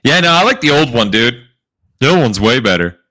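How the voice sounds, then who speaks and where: A man co-hosting a casual podcast, telling stories in an animated way and saying "dude" and "bro" all the time. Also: mid-range voice, fairly quick, no room sound, studio quality. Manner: animated storyteller, says "dude" and "bro" constantly. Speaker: podcast co-host. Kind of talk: casual chat.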